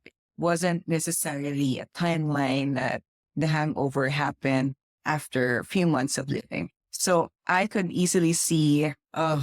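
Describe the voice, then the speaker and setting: Low-pitched woman from the philippines chatting on a podcast, thoughtful, restarts a lot, dry close sound. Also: no echo. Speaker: podcast co-host. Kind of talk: casual chat.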